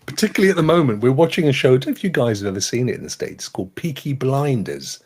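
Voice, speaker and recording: A man's voice: medium pitch, very fast, breathy edge. A man co-hosting a gaming talk show, chatting casually and joking around with a lot of laughter. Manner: jokey, animated, laughs often. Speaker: podcast co-host. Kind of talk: casual chat.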